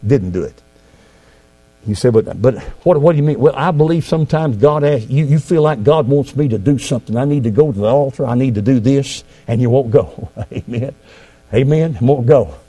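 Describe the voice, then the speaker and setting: A man preaching a sermon fervently, swinging from quiet asides to loud exclamations. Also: medium pitch, moderate pace.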